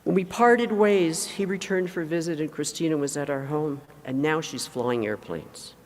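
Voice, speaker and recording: Older woman giving a halting eulogy. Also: low-pitched, slight background noise. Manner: halting, emotional, self-correcting. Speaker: eulogist, mother of the deceased. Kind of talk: memorial eulogy. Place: large aircraft hangar. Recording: long reverb in a large hangar.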